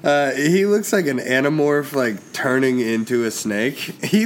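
A man's voice: medium pitch, unhurried, hardly any pauses, a little hiss or hum. A young man co-hosting a casual sports podcast, laughing and swearing freely as he roasts players. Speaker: podcast co-host. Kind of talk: casual comedic roast chat.

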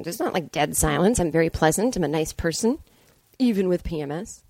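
A woman with a fairly low voice hosts a solo comedic podcast, recorded dry and close. She tells her story with exasperation, switches voices to play both sides of a conversation, and drops blunt, profane asides. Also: expressive, brisk, a little mellow, no room sound. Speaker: podcast host. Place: indoors, hotel room.

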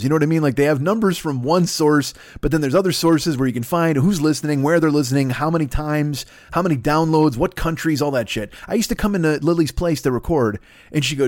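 A man's voice: fairly high pitch, no echo, studio quality. A man hosting his own podcast, a comedian rambling in a profane, self-deprecating solo monologue.

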